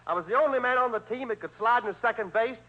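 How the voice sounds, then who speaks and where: A male guest on an old radio comedy show, delivering breezy jokes in a fairly high voice. The recording is dull and muffled. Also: very fast. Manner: breezy joke-telling. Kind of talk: comic banter.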